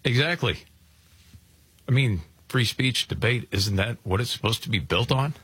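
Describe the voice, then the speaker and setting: Male host, bright with a husky edge, emphatic and opinionated, dry close sound. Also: mid-range voice, expressive, no room sound. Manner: emphatic, opinionated, quick asides. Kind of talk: casual panel chat.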